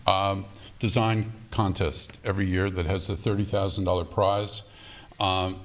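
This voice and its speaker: A man making an announcement at a student assembly, halting with many fillers. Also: sits low, flat delivery. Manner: halting, filler-heavy talk.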